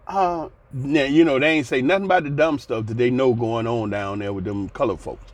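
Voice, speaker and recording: In a casual commentary vlog, a man in his sixties offers blunt, folksy opinions, ranting and sighing between points. His voice sits at medium pitch, and he talks at a normal speed with hardly any pauses.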